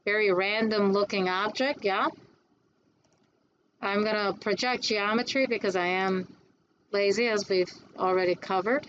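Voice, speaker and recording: A woman instructor giving a classroom lecture on design software, chatty and quick to answer her own questions. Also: medium pitch, steady tone, highs cut off, a little hiss or hum.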